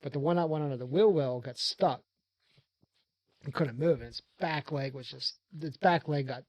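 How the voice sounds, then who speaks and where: A man's voice: a little high, moderate pace, darkish tone, no room sound, muffled recording. A man telling a rambling, casual story on a podcast, swearing freely and laughing often. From rural area. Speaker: podcast host.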